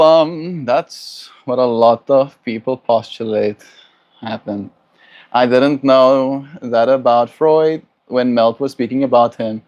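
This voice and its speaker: A man's voice: mid-range voice, a little mellow. A man live streaming, chatting casually and reflectively as he answers his viewers.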